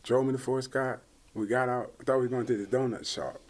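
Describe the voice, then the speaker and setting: A man in his thirties, a podcast guest, telling a lively story in casual chat, acting out the voices of people in it and laughing often. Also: mid-range voice, fast. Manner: animated storyteller, acts out quotes, laughs often. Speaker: podcast guest, former football player.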